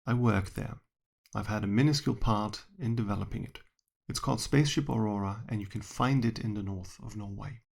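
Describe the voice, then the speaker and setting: A man's voice: fairly low pitch, fairly quick, creaky, husky. A man who works as a science educator, reading his own short story aloud in a dry, wry first-person manner.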